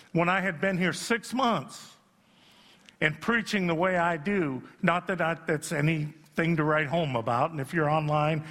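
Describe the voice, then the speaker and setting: A middle-aged man preaching a sermon as pastor, joking about himself and rising to shouts at the high points. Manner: self-deprecating, swells to shouting at peaks. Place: church sanctuary. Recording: long reverb in a church hall.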